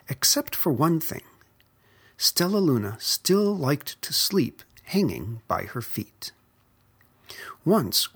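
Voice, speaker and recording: A storyteller reading a children's picture book aloud in a soft, gentle whisper. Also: mid-range voice, creaky, slightly rough.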